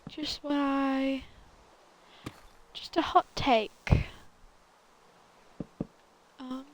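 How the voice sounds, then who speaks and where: On a rough recording, a young woman talks extremely slowly in a high, level voice as she streams a building game. She rambles casually with a valley girl lilt, leaning on fillers and often correcting herself.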